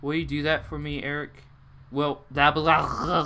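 A man's voice: fairly high pitch, flat delivery, measured pace, vocal fry, bright, forceful tone, a little hiss or hum. A young man doing let's play commentary and reading game dialogue aloud, jumpy and dramatic, swearing and breaking into sudden outbursts. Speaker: gameplay commentator.

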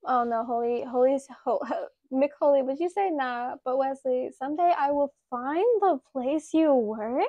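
A woman's voice: high-pitched, normal speed, no echo, muffled recording. A woman in her late twenties hosting a casual live stream, chatting and giggling with her chat while sculpting clay. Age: 20s. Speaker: livestream host.

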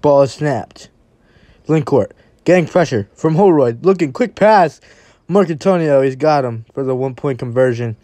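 A play-by-play commentator calling a game live, calm on routine snaps and breaking into excited shouts on big plays. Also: mid-range voice, moderate pace, dry recording.

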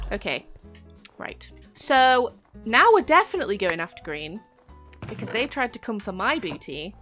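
A young woman talks through her gameplay in a bright, ringing voice that swoops up and down a lot. She is chatty and panicky and breaks into sudden shrieks. Faint music plays underneath. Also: mid-range voice. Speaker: gaming YouTuber. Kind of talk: live gameplay commentary.

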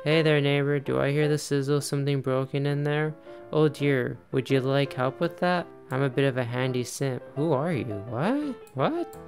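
A man gives easygoing let's-play commentary in a mid-range voice. He chatters along, laughs often and talks directly to the characters on screen. Faint music plays quietly behind him. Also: mid-range voice. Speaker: gaming YouTuber.

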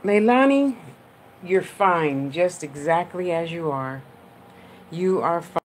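A woman's voice: deep voice, fairly even intonation, slow, slight background noise. A woman, a clairvoyant medium, giving a live-streamed reading in a chatty, affectionate, rambling way and laughing often.

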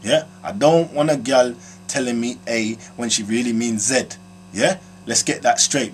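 A man with a London accent hosting a comic advice show, answering viewer letters in slangy, animated streetwise patter. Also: medium pitch, moderate pace, slight background noise. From South London. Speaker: host answering viewer questions.

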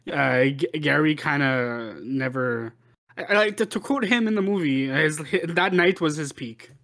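A man's voice: on the high side, normal speed, a bit bright. A man co-hosting a film podcast, chatting casually and rambling with many restarts. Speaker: podcast co-host. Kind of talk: casual film review chat.

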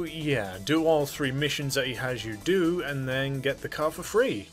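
A man's voice: medium pitch, expressive, unhurried, few pauses, soft background music. A man hosting a gaming channel, narrating a casual game review in a chatty, offhand way with jokey asides.

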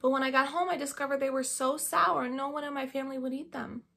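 A woman voicing a gentle schoolteacher. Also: sits high, steady tone, quick pace, vocal fry, pitched above the performer's own voice, exaggerated voice. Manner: gentle, soothing, explaining. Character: kind, patient woman schoolteacher.

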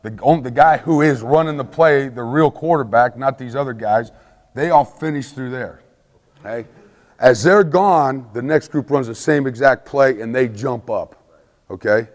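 A man giving an emphatic football coaching clinic lecture at a mid pitch, forever tossing in quick checks with his listeners. He acts out the play calls he shouts in practice. The long reverb of a big hall hangs on his voice.

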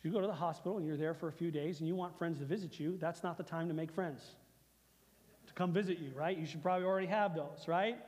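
A man's voice: fairly high pitch, fast, long reverb tail. A man preaching a conversational sermon as pastor, repeating phrases for emphasis. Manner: conversational preaching, repeats phrases, acts out God's lines softly.

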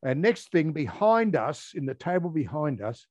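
An older Australian man, a former air force firefighter, telling a story in an interview, halting with many ums and restarts. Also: a little high, sing-song, a little mellow, no echo.

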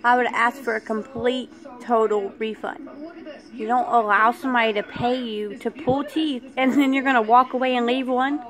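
A woman's voice: a little high, fairly even intonation, normal speed, a bit bright. A woman vlogger frankly telling a personal story, aggravated at how she was treated.

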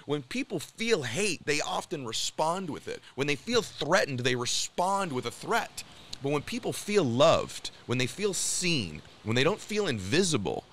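A man's voice: mid-range voice, a bit bright, slight background noise. A man talking as an interview guest, telling stories in an emphatic, earnest way. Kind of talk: casual conversation.

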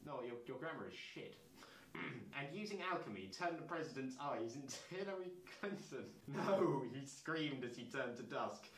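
A man's voice: medium pitch, lively intonation, normal speed, fairly bright tone, echoey room, a little hiss or hum, rough recording. A man hosting his channel, reading fan fiction aloud with incredulous comments and asides. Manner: incredulous, breaks into laughter and asides.

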